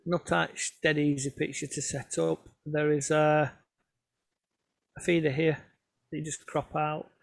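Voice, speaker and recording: A man's voice: a little high, flat delivery, unhurried, vocal fry, long pauses, no echo. A man telling chatty, self-mocking photography stories to a club over a video call. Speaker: photographer giving a club talk. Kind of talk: casual anecdotal presentation.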